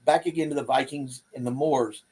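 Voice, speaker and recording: A man's voice: mid-range voice, steady tone, a little fast, darkish tone, breathy edge. A man co-hosting a podcast in casual chat, opinionated and given to dry quips.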